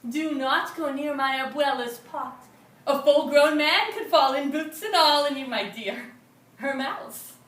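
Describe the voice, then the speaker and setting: A woman's voice: high-pitched, a little slow, fairly bright tone, pitched above the performer's own voice. A woman playing an earnest young wife. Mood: warning. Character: young wife, anxious then tearful. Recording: roomy live room from a distance.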